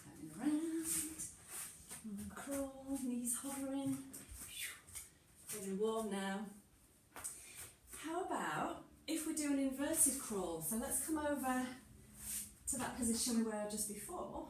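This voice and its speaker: A woman's voice: sits high, animated, slow pace, darkish tone, slight background noise. Echoey, distant woman leading an exercise class. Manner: encouraging, playful, laughs often. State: a little out of breath. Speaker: movement class instructor. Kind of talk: guided exercise class instruction. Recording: echoey room, mic far off.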